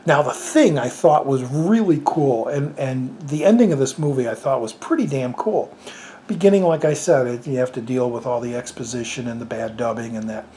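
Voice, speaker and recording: A man's voice: mid-range voice, moderate pace, mellow, slight background noise. A man reviewing a film in a casual way, rambling with many fillers and restarts and chuckling now and then. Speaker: movie reviewer.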